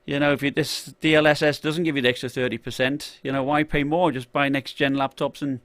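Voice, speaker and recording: A man's voice: mid-range voice, flat delivery, brisk, fairly bright tone, dry recording. A man chatting on a live stream about tech, rambling with lots of fillers and restarts, and greeting viewers from the chat.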